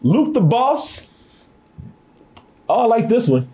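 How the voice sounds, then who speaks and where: A man's voice: very high-pitched, big pitch swings, slow, warm tone, husky. A man in casual banter, hosting a live stream, reading the chat aloud and teasing, laughing often. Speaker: stream host.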